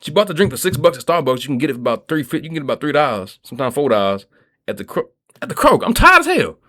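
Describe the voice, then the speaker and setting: With a fairly high pitch that swings widely, he talks very fast in a bright, forceful tone. He's a Kentucky vlogger giving a rambling, profane, streetwise monologue, repeatedly asking "you feel me."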